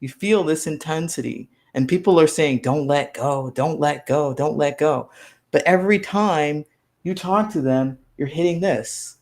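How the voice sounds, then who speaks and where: A man's voice: a little high, a little slow, a little mellow. A man giving a motivational conference talk as a life coach, repeating phrases for emphasis and acting out quoted lines.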